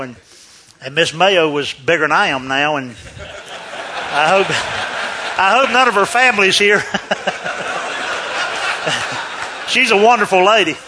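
A male preacher telling a story in a sermon, animated and laughing, swinging between loud and hushed. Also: fairly high pitch, takes it slowly, pauses often, background noise.

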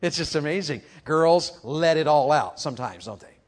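A man preaching a youth sermon, animated and calling out questions to the crowd, moving from quiet talk to shouting. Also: a little high, moderate pace.

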